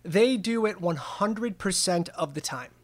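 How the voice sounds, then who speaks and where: A man with a higher voice co-hosting a casual podcast. He talks in an easygoing, modest way and often pauses on an um. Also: animated. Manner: easygoing, modest, with frequent ums. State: winded after exercise. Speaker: podcast co-host.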